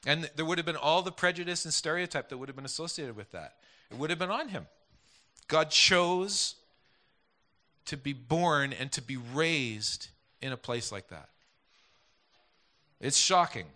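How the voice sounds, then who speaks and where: A man's voice: on the high side, animated, measured pace, pauses often, sharp tone. A man preaching a conversational sermon, rambling with many restarts and asides. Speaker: pastor.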